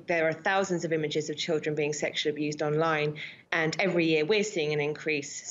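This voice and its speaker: A woman's voice: low voice, dull audio. A woman, a charity's projects officer, answering a news interview in an earnest, factual way over a remote link.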